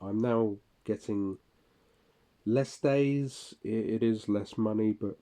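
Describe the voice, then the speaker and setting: A man's voice: fairly low pitch, slow pace, warm tone. A man speaking a casual monologue for his audio log, rambling, profane and weary.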